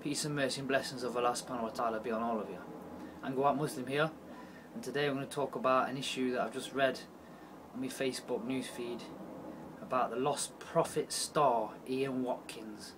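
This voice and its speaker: A young man ranting in a video, blunt and profane, swinging from low muttering to loud outbursts. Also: fairly even intonation, a little fast, noisy background. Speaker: vlogger. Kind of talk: heated video rant.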